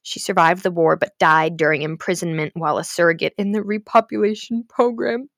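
A woman's voice: fairly low pitch, fairly quick, few pauses, no room sound. Dramatic young woman ranting, dry close sound. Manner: dramatic, swings between gasps, whispers and shouting; swears freely, talks to viewers directly. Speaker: fanfiction vlogger. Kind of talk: emotional casual rant about a book.

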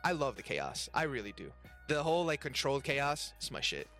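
A man hosting a casual podcast chat, animated and profane, with lots of slang. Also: medium pitch, brisk, faint music behind. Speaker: podcast host and restaurant worker. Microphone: webcam and desk mic.

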